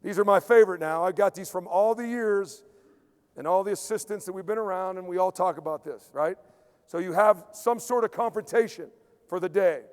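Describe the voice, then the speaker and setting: A man, a strength coach, giving an emphatic conference lecture, repeating key points and dropping into quiet acted-out asides. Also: high voice, brisk, clear, resonant tone. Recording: long hall reverb.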